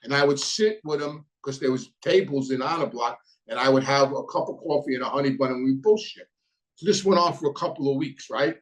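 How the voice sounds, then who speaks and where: A man's voice: mid-range voice, a little fast, poor audio. A middle-aged man with a New York accent, telling a prison story in a blunt, profane, casual way, full of restarts and fillers. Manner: blunt, profane, many restarts and "you know".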